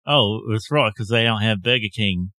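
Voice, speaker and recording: A man's voice: fairly low pitch, normal speed, pushed and bright, no room sound. A man voicing his joking alter ego, a slangy Australian bloke, in a put-on Australian accent. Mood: jokey, matey. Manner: slangy, clipped broken phrasing.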